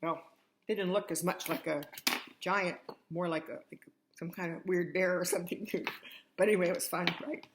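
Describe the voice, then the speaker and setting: There's background noise as an older grandmother storyteller reads a fairy tale to kids, speaking to them directly in a chatty manner. Her voice is on the low side, fairly even in intonation, and moderately paced.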